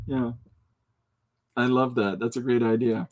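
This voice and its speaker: A man with a medium-pitched voice and fairly even intonation hosts a casual livestream podcast at a slightly slow pace. He jokes, laughs often, reads out viewer comments, and tries out voices mid-talk.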